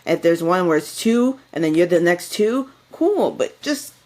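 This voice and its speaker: A young woman co-hosting a podcast, chatting casually and acting out what people said in a higher voice. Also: unhurried. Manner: animated storytelling, acts out quotes in a higher voice. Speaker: podcast co-host. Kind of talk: casual chat.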